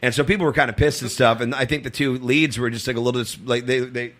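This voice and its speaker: Man, comedian, bright voice, loose rambling delivery, chuckles mid-story. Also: mid-range voice, level tone, fast talker. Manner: loose, rambling, laughs through stories. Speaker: comedian guest. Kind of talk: casual storytelling.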